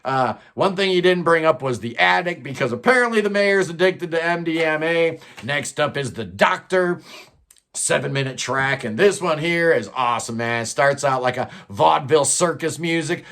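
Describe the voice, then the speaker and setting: A man's voice: fairly high pitch, normal speed, a bit bright. A man giving a casual, rambling album review, enthusiastic and full of fillers. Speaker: music reviewer.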